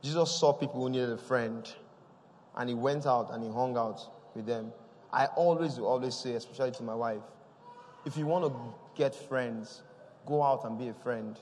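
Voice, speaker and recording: Man, lively preacher, mid-pitched voice, long church reverb. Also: moderate pace. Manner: lively, laughing, punctuated with "Praise the Lord". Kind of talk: sermon.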